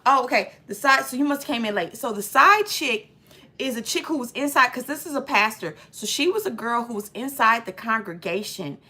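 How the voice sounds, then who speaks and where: A woman talks through a movie plot in a loose, chatty way, full of slang and filler. Her voice sits a little high and sounds bright and sharp. She acts out the scenes as she retells them. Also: fairly quick. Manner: lively storyteller acting out scenes. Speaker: movie reviewer. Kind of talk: casual movie recap.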